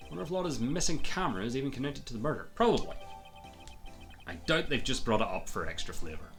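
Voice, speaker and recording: A man's voice: mid-range voice, sing-song, fast talker, long pauses, fairly bright tone, soft background music. A man streaming a video game, making dry, wry casual comments between scenes.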